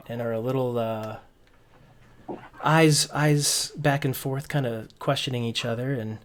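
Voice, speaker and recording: A man narrating as game master, relaxed and rambling with many restarts. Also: mid-range voice, slight background noise.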